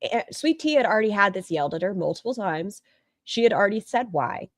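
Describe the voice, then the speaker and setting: A woman's voice: medium pitch, lively intonation, brisk, no echo, clean studio sound. A woman giving casual, opinionated commentary on online drama, thinking aloud.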